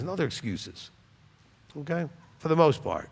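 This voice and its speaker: With a fairly high voice that swings widely in pitch, a male rabbi teaches scripture at a normal speed in an informal sermon. His style is blunt and chatty, full of jokes and frequent "okay?" check-ins. It sounds like he's in a big room.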